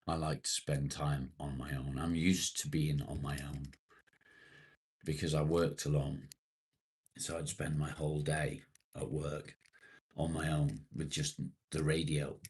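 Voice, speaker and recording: A bass-voiced British man runs a casual live stream, reading viewers' comments out loud and talking with them. He is relaxed and conversational, with some casual swearing.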